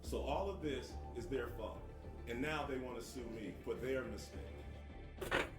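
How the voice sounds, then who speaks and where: A man's voice: mid-range voice, a little slow, roomy sound, music in the background. A man answering questions as a witness in court, curt at first and then defiant and sarcastic. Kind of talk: courtroom testimony.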